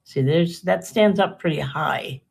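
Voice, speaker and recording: A woman's voice: low voice, a little slow, vocal fry, breathy edge. An older woman chatting casually and rambling through a live jewelry sale, often trailing off mid-sentence. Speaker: live-stream jewelry seller.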